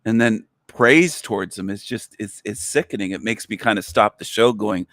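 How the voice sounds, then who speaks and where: A man's voice: fairly low pitch, lively intonation, moderate pace, hardly any pauses, a bit bright, no room sound, clean studio sound. A man hosting a livestream, scolding his viewers in an irritated, profane rant. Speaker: livestream host.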